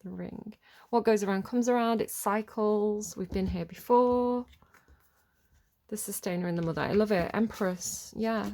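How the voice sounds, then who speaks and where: A woman giving a casual tarot reading who rambles, gets easily distracted and often apologizes, then reads card text aloud more slowly between her asides. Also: medium pitch, warm tone. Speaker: tarot reader.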